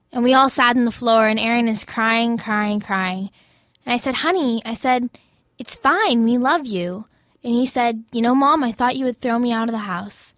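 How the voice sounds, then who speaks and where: A woman's voice: a little high, normal speed, dry recording, studio quality. A middle-aged woman, a mother, earnestly recounting her son coming out. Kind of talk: personal storytelling.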